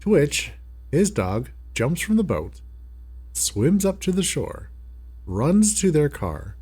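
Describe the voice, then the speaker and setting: His voice sits fairly high and has a sing-song lilt, a dark tone, and a slight roughness. He's live-streaming a puzzle game, chatting loosely and musing slowly over viewer jokes he reads aloud.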